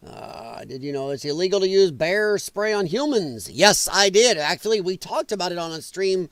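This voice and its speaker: A man's voice: high voice, animated, normal speed, fairly bright tone, smooth, no room sound. A middle-aged American man from the Midwest hosting a political commentary stream, ranting with profanity and sarcasm. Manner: profane, sarcastic, mocking mimicry of others.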